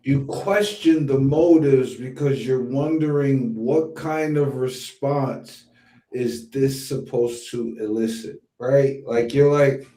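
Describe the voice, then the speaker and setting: Man, podcast host, blunt and profane, slow delivery, mellow tone, echoey room. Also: mid-range voice. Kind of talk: casual commentary.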